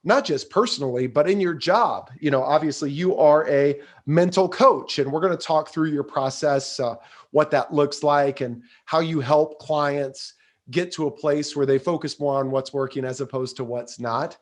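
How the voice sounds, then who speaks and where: A man's voice: fairly high pitch, moderate pace. A man hosting a podcast interview, effusive and full of praise, with frequent filler sounds. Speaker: podcast host.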